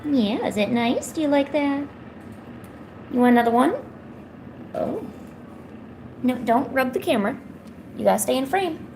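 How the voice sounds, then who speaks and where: A woman's voice: high-pitched, expressive, measured pace, creaky, long pauses, warm tone, a little hiss or hum. A woman live-streaming from home, chatting casually with viewers and cooing baby talk to her cat. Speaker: art streamer.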